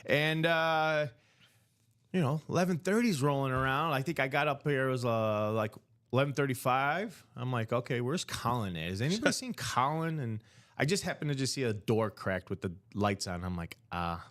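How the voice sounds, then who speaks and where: A man's voice: medium pitch, normal speed, fairly bright tone. Male co-host, casual banter, easygoing, joking. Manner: easygoing, joking, a bit rambling. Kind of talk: casual banter on a live stream.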